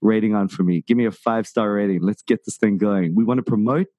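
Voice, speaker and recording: A man hosting a casual podcast, talking in a rambling, jokey way with plenty of uhs and false starts. His voice is on the low side, and the recording is dry and close with no room sound. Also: fast, mellow, no echo, highs cut off. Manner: rambling, many fillers and restarts, jokey. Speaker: podcast host.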